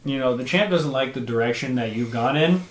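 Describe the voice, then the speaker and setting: A man's voice: medium pitch, roomy sound, rough recording. A man co-hosting a comedic wrestling chat, teasing his partner and calling himself the champ. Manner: calls himself "the champ", teasing, quick to mock. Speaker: co-host.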